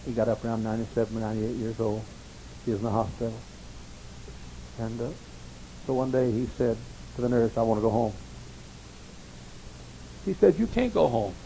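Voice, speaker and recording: Gravelly older preacher telling a story. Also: male voice, brisk, pauses often, a little hiss or hum, low-quality recording. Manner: animated storyteller, acts out quotes in high voices. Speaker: pastor. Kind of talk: sermon storytelling.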